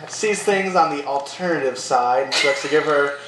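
A man's voice: a little high, moderate pace, fairly bright tone. A young man hosting a casual podcast, talking with many restarts and fillers while stalling for time. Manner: hesitant, lots of restarts and stalling. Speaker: podcast host. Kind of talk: casual chat. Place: apartment room. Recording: echoey room, faint noise.

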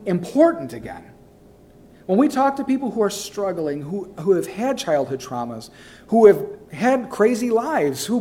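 Male pastor, sermon, high-pitched voice, emphatic, repeats phrases, soft asides then loud rising calls.

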